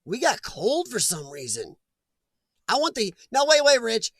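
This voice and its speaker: A chatty middle-aged man hosts a live stream, reading out comments and laughing easily between them. His voice sits high for a man. The sound is close and dry, with almost no room around it. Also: wildly swooping pitch, a little slow, fairly bright tone, no room sound. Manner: chatty, laughs often, talks back to chat.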